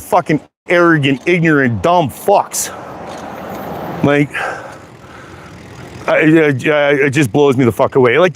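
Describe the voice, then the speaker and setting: Furious man ranting outdoors. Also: fairly high pitch. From Canada. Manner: heated, profane, repetitive swearing. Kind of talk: angry rant to camera. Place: outdoors, walking down a sidewalk.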